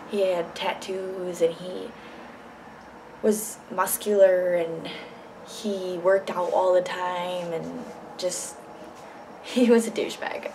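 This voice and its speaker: A woman's voice: on the low side, noisy background. A young woman telling a personal story in a casual vlog, blunt and candid, swearing freely. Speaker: vlogger.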